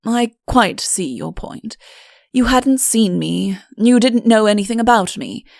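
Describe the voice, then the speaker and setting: A woman's voice: fairly high pitch, unhurried, vocal fry, a little mellow, no echo, clean studio sound. A woman voicing a young prince in an audiobook, who tries to sound stern and blustering but stammers when flustered. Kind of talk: audiobook character voice.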